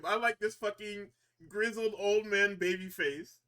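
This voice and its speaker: His voice is high, clear and resonant, and he takes his time as he recaps wrestling on a podcast. The talk is casual and foul-mouthed, with plenty of laughter, excitable moments and acted-out wrestler lines.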